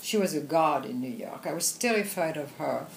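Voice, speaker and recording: An older woman with a French accent, a film editor telling lively anecdotes in a conversational interview, with frequent laughs. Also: deep voice, moderate pace, gravelly, roomy sound, a little hiss or hum, rough recording. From France. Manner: animated anecdotes with frequent laughs and "you know". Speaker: film editor and director, guest.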